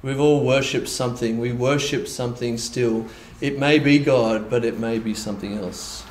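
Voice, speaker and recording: A man preaching a conversational sermon, with animated asides in which he voices imagined reactions. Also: medium pitch, normal speed, reverberant, a little hiss or hum, rough recording. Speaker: pastor. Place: church hall.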